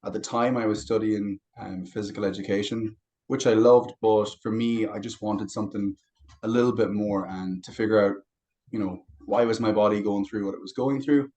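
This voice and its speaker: Lower-voiced young man telling stories. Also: moderate pace, low-quality recording. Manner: relaxed storytelling with anecdotes. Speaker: podcast guest, fitness coach. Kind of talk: casual interview chat.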